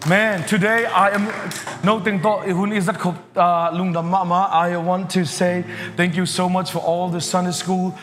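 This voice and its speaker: A man giving an animated, halting sermon to children, with non-native phrasing. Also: sits high, in a large hall, a little hiss or hum. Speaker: children's ministry preacher.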